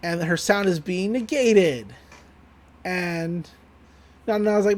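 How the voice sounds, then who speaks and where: A podcast co-host speaks slowly at a medium pitch while giving a relaxed episode recap. Scenes get retold and characters quoted in animated put-on voices, with loose, profane talk and plenty of laughter.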